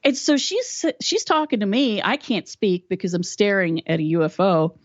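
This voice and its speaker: Guesting on a podcast, this West Virginia woman spins a story in a casual interview, performing the dialogue lively as an animated storyteller. She speaks at a moderate pace in a medium pitch. The audio is dull but without echo.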